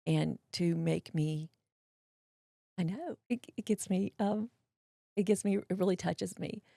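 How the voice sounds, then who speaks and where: Gravelly-voiced woman telling her story. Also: lowish voice, a little slow, no echo, studio quality. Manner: animated storyteller acting out quotes, drawling voices. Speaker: guest. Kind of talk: personal storytelling in a podcast interview.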